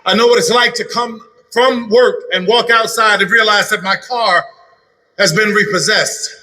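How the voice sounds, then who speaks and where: A man's voice: high voice, fairly even intonation, normal speed, pushed and bright, rough recording. A middle-aged man giving an earnest personal testimony at a political rally, driving his points home with repeated phrases. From lived in Georgia over thirty years. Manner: earnest, repetitive, building emphasis. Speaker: rally speaker.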